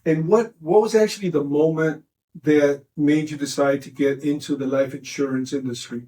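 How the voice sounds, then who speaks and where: A man's voice: fairly high pitch, fairly even intonation, normal speed, mellow. A middle-aged man hosting a podcast, interviewing his son and encouraging him with leading questions. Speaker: podcast host, the guest's father.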